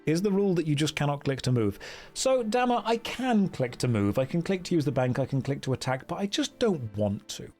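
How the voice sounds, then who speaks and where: A man streaming a game and commenting casually, with wry, rambling and quick talk full of jokey asides. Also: on the high side, sing-song, a little mellow, faint music behind.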